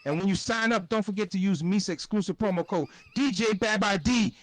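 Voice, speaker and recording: A goofy alien creature reading a sports ad in pidgin grammar, put on by a synthetic male voice. The delivery is slow and drawn out, and the voice sits high. The sound is dry and close. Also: no room sound, natural voice.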